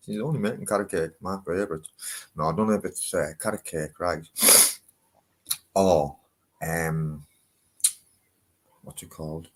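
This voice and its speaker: A man's voice: low-pitched, moderate pace, pauses often, darkish tone. A man, talking in a casual, rambling vlog, swearing freely. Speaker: vlogger.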